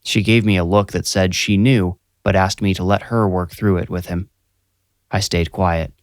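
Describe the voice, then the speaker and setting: Low-voiced man narrating a horror story. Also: steady tone, normal speed, no room sound, clean studio sound. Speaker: narrator and writer. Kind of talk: scripted first-person horror narration.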